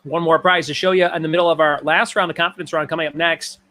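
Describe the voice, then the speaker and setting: A man's voice: a little high, fairly even intonation, fast, pushed and bright, a little hiss or hum. A man hosting a casual trivia livestream from his garage, joking around and reading out viewer comments between questions. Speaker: trivia host. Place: home garage.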